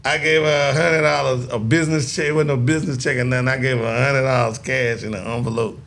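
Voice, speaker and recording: A middle-aged man telling a story in a casual chat, acting out other people's voices now and then. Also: fast. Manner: animated storyteller, acts out voices in a high falsetto. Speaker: podcast co-host.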